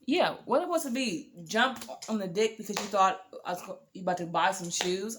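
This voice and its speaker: A woman's voice: mid-range voice, brisk, hardly any pauses, a little hiss or hum. Sassy young woman telling a storytime. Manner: animated, sassy, swears freely. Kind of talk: casual storytelling to camera.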